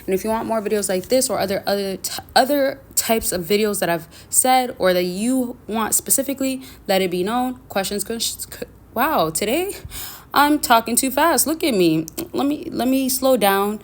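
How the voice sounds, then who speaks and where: A woman's voice: on the high side, moderate pace. A woman hosting a casual dating advice vlog, chatty and rambling, with frequent restarts and fillers.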